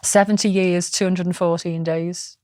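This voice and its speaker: A woman's voice: on the low side, level tone, normal speed, a little mellow, dry recording. Chatty woman, dry sound. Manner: chatty and rambling, swears freely. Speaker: podcast co-host. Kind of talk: casual chat.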